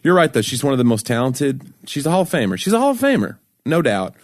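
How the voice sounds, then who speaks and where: A man co-hosts a casual podcast, joking and teasing his partner. His pitch swings widely as he talks, and the sound is close and dry. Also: sing-song, fast, no room sound. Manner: joking, teasing, breaks into mock impressions. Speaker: podcast co-host. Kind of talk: casual chat.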